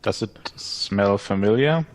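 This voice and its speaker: A man's voice: fairly low pitch, lively intonation, takes it slowly. A man playing a tabletop game, asking plain questions. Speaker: player. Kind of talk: casual tabletop play.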